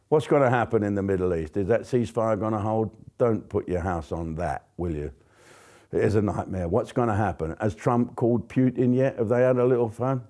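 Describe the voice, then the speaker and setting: Brief: male comic host, ranting news monologue, profane and sarcastic, lowish dark voice. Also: fairly quick. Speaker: comedian host.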